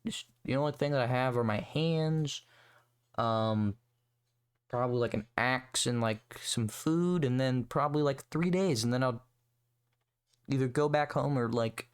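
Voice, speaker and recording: A man's voice: mid-range voice, measured pace, long pauses, smooth. A young man hosting a solo podcast, rambling and swearing in a sarcastic, casual rant. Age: young adult. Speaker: podcast host.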